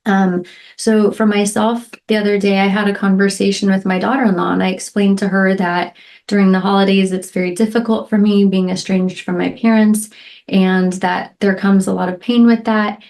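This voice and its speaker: A woman's voice: mid-range voice, flat delivery, moderate pace, a little mellow. Middle-aged woman doing her solo podcast, earnest and heartfelt, lots of "right?" and "um"s. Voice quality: emotional, near tears at moments. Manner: heartfelt, frequent "right?" and "um" fillers. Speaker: podcast host. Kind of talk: reflective solo podcast talk.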